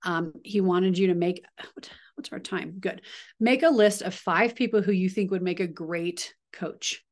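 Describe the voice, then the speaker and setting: A woman's voice: lowish voice, unhurried. A woman in her thirties leading a team video call, chatty and upbeat with frequent asides and coaching pep.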